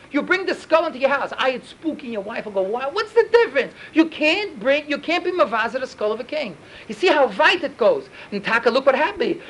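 Man, Talmud teacher, high voice, very fast, animated storytelling. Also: a little hiss or hum, poor audio. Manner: animated, rapid storytelling peppered with Yiddish and Hebrew terms. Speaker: Torah teacher.

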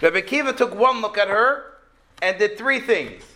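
Bright-voiced man teaching a religious lesson. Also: sits high, a little slow, slight background noise. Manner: lively storyteller asking rhetorical questions. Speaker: Torah teacher.

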